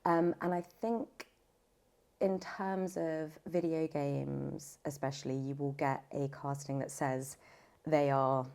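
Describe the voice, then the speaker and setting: A British woman voiceover artist talking in a podcast interview, chatty and animated with lots of fillers. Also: low voice, takes it slowly, gravelly. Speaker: voiceover artist and audiobook narrator.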